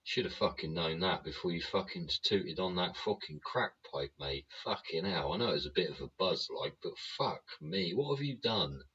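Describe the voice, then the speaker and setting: A man's voice: low-pitched, animated, normal speed, hardly any pauses, sharp tone, husky. A man hosting his own show, delivering a profane political rant full of swearing and tag questions. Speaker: show host. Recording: dull lo-fi sound.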